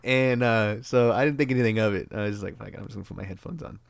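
A young man casually retelling a story, rambling and swearing freely, with lively bursts as he acts out the moment. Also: fairly low pitch, rapid-fire, creaky.

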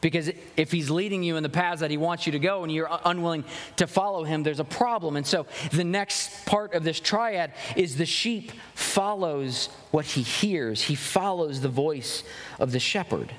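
A young man delivers a sermon from the pulpit with earnest conviction. His voice sits a little high and he drives his points home with strings of rhetorical questions, often backing up to restart a phrase. A long reverb rings around him from the sanctuary. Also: moderate pace, fairly bright tone. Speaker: pastor. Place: church sanctuary.

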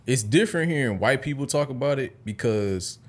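A man's voice: mid-range voice, expressive, brisk. A young man from Detroit in casual podcast chat, laid-back and slangy, laughing often. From Detroit, Michigan.

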